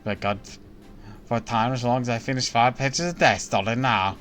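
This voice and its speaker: A man's voice: mid-range voice, normal speed, fairly bright tone, soft background music, natural voice. A man voicing a frazzled, sleepless manga artist on deadline in a game, reading the lines aloud on a stream in a brash, bossy way. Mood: determined.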